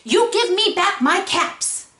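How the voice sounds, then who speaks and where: A woman voicing a frustrated male peddler who scolds and shouts in a raised voice, recorded in an echoey room. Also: extremely high pitch, expressive, slow pace, pitched above the performer's own voice, exaggerated voice. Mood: scolding. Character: frustrated male cap peddler, getting angry.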